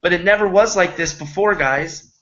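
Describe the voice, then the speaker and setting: A man's voice: high-pitched, normal speed, fairly bright tone, lo-fi sound. A man giving an earnest, rambling motivational talk about network marketing, often acting out the people he quotes.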